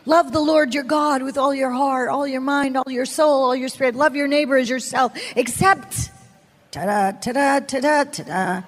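A woman preacher giving an animated testimony sermon, telling her story with bursts of laughter and screaming. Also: high voice, moderate pace, few pauses, long reverb tail.

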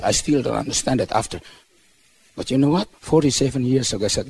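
An older man preaching a humorous testimony sermon, telling a story that builds to excited shouts. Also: mid-range voice, fairly quick, breathy edge.

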